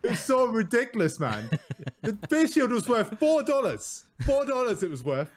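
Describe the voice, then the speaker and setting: High, lively male doctor telling stories. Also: normal speed. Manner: animated, laughing storyteller. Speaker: doctor and podcast co-host. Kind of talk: casual chat, anecdotal storytelling.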